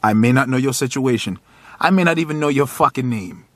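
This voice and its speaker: A man's voice: mid-range voice, fairly quick, no room sound. A man in his thirties giving a raw, profane motivational monologue straight to the viewer, at times choked up. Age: 30s. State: tearful, choked up. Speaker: motivational vlogger. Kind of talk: emotional motivational monologue to camera.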